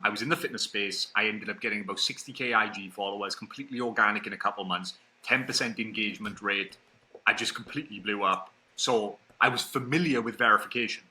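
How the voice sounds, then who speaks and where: A man in his early twenties, a podcast guest telling a story in a casual, animated way and acting out what other people said. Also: on the low side, fast talker, rough recording. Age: early 20s.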